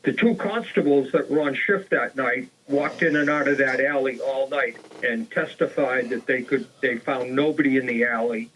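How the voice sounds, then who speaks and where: A man tells an old murder case on a local talk show, in an easy, unscripted way, often pausing with "uh" and starting over. His voice sits at an ordinary pitch. The sound is plain and a little lo-fi. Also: a bit bright, slight background noise. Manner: casual retelling with fillers and restarts. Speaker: co-host. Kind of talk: storytelling a true crime case.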